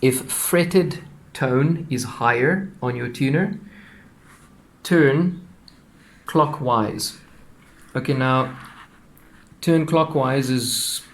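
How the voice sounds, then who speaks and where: A man talks through a guitar setup like a teacher at his workbench, in a plain mid-pitched voice. He rambles a little, repeating words and dropping fillers as he goes. A faint hiss sits under the recording. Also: slow pace, creaky, a bit bright. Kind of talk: casual tutorial explanation.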